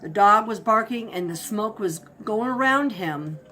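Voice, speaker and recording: A woman telling a spooky personal story in a casual, animated way, acting out barks and shouts. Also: medium pitch, a little slow. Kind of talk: casual spoken ghost story.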